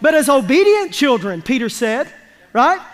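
Speaking in a very high, sing-song voice at normal speed, a male pastor gives a sermon in a church sanctuary. Emphatic and folksy, he gets his congregation to respond. A large church hall's long reverb colors the audio.

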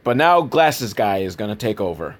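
Animated rambling man reviewing a movie. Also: fairly low pitch, moderate pace. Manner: rambling, self-deprecating, animated with voice impressions. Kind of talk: casual comedic movie commentary.

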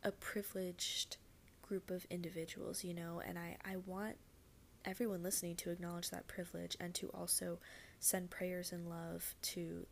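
A woman's voice: lowish voice, vocal fry, a little hiss or hum. A woman hosting a solo podcast from her bed, talking casually and earnestly, rambling with lots of "like" and "you know" and the odd swear word. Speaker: podcast host.

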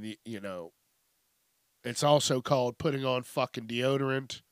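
A middle-aged podcast host with a slightly high, somewhat bright voice rambles through a casual, comedic news rant full of profanity, often breaking off mid-sentence. The recording is dry and studio quality.

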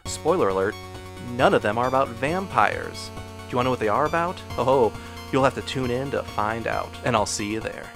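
A man hosting a podcast, joking in casual chat and a quick promo spot. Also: mid-range voice, expressive, vocal fry, music in the background. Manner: joking, chatty. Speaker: podcast host.

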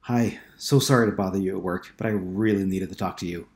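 An anxious, earnest young woman who speaks urgently, pleading to be believed, as a male audiobook reader puts her on. The voice sits low, close to the reader's own. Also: a little fast, a little mellow. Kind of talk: audiobook reading.

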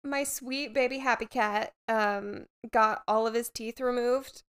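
A woman's voice: fairly high pitch, fairly even intonation, a little slow, a bit bright, smooth. A woman co-hosting a podcast in casual chat, asking questions and cracking dry jokes. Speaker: podcast co-host.

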